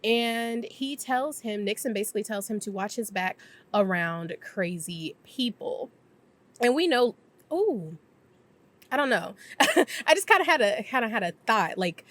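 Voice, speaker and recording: A woman's voice: mid-range voice, a bit bright. A woman casually recapping a TV episode for her channel, talking freely with lots of filler words. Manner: chatty, filler-heavy, slips into quick impressions. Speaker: YouTube TV reviewer.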